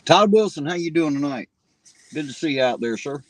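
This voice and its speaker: A man's voice: medium pitch, brisk, a little mellow, poor audio. A man hosting a live stream, joking casually with viewers and greeting them by name while he eats. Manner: eats and talks between bites. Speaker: livestream host.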